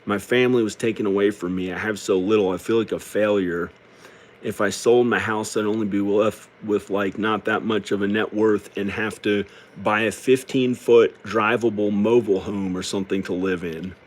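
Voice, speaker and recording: A middle-aged man speaking in a downcast, halting, rambling way, tearful as he talks through a personal confessional monologue. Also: fairly low pitch, fairly even intonation. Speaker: video creator.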